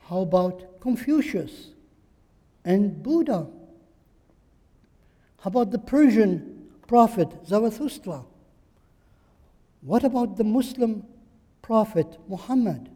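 A man's voice: high voice, animated, slow, long pauses, dark tone, in a large hall. A man preaching a sermon, driving his points home with emphatic rhetorical questions and repetition.

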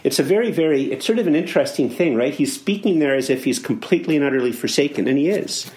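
A man's voice: on the high side, animated, fast, a little mellow, reverberant. A middle-aged Canadian man preaching a sermon on a psalm, earnest and conversational, often restarting and repeating phrases for emphasis.

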